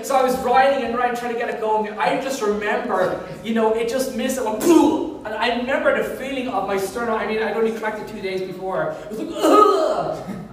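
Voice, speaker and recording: A middle-aged man, preaching a sermon with animated, self-mocking storytelling. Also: sits high, slight background noise. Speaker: pastor. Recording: echoey hall, voice from a distance.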